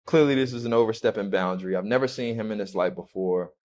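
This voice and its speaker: A man recounting a personal story as an interview guest, halting and restarting often. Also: fairly low pitch, darkish tone, highs cut off.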